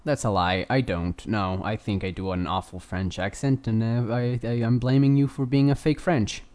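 A man co-hosting a casual podcast, joking in a deadpan, sarcastic way. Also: lowish voice, normal speed. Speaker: co-host.

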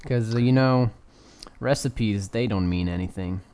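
Deadpan, sarcastic man co-hosting. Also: fairly low pitch, measured pace. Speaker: co-host. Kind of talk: casual podcast chat.

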